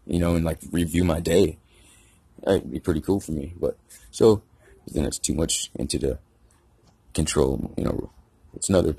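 A man's voice: low-pitched, warm tone, breathy edge, dry recording. A man telling a rambling, profane story in a casual rant. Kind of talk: casual ranting anecdote.

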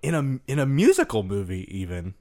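Playful man with a lively voice. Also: mid-range voice, fairly quick. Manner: playful, joking, animated. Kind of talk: casual chat.

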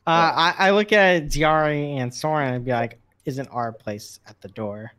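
A man playing a tabletop game, talking in a low-key, somewhat hesitant way. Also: unhurried, a bit bright, clean tone. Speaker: player. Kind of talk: casual tabletop play.

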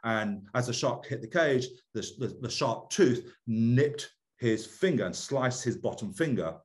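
A middle-aged man, a podcast guest, telling a story in casual chat, animated, laughing often and repeating words. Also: medium pitch, unhurried.

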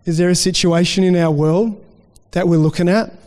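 High-voiced preacher in a reverberant hall. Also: male voice, fairly even intonation, normal speed, a little mellow. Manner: conversational preaching with restarts and acted-out quotes. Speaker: pastor. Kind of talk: sermon.

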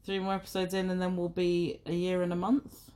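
A young woman co-hosting a podcast in casual chat, chatty and quick to correct herself. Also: lowish voice, monotone, mellow. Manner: chatty, self-correcting, giggly. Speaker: podcast co-host.

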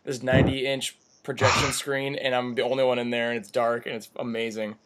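An excitable young man co-hosting a podcast at a middle pitch. He swears freely, trails off and restarts as he chats. The talk is loose and casual. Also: brisk. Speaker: podcast co-host. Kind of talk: casual chat. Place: apartment room.

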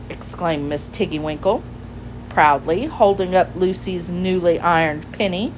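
A woman narrating a children's storybook aloud in a gentle, clear and measured way. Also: lowish voice, a little hiss or hum, low-quality recording.

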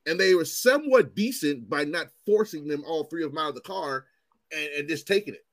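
A man in his forties tells stories in a loose, swearing ranting style, his voice leaping up and down as he acts out what others said. He sits slightly high for a man. The sound is dry and close, with no room to it. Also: brisk, dry recording. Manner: animated, profane, acts out quotes in raised voices. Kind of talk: casual chat, storytelling.

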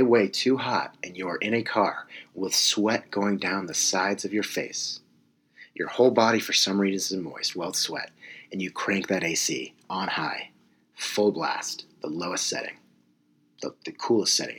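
A man's voice: sits low, a bit bright, husky. A young man in his twenties from California, giving a rambling, self-correcting comedic monologue with wry asides.

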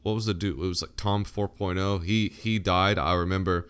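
A man's voice: sits low, fairly even intonation, normal speed, fairly bright tone, clear, resonant tone. A man in his thirties co-hosting a podcast, chatting casually and joking in a laid-back way that often trails off. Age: 30s. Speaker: podcast co-host. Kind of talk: casual chat.

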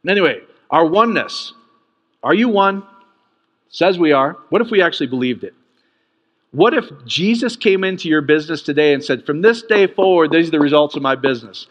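Animated high-voiced male preacher. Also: fairly quick, in a large hall. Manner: animated, swings from loud peaks to low asides. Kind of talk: sermon.

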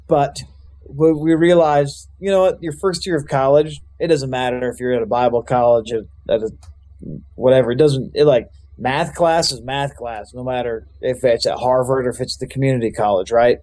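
A man's voice: mid-range voice, moderate pace, dark tone. A young man, a youth pastor, telling his life story in a loose, rambling way with lots of fillers. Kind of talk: casual storytelling testimony.

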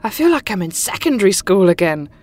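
A woman's voice: medium pitch, big pitch swings, fast, a little mellow, close to an everyday voice. Actress playing a flirty posh British woman. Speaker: Gloria.

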